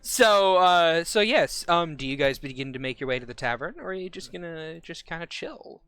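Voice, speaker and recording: A man's voice: on the high side, expressive, moderate pace, a bit bright, clean tone. A man game master narrating a tabletop game, rambling and correcting himself as he goes.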